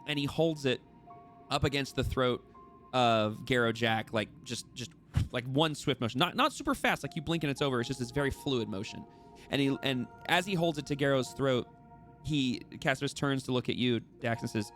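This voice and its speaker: A man running a tabletop game, narrating in a loose, rambling way with lots of fillers and self-corrections. His voice sits at an ordinary middle pitch. Faint music runs underneath. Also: moderate pace, fairly bright tone. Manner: rambling, many fillers and restarts. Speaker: dungeon master.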